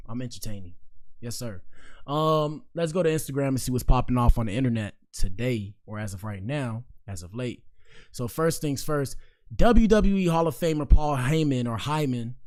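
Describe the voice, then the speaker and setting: A man's voice: medium pitch, normal speed. A man hosting his own podcast, who talks in a loose, rambling, slangy way and says he is tired, commenting casually on news clips. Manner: laid-back, loose slang, rambling asides. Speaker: podcast host.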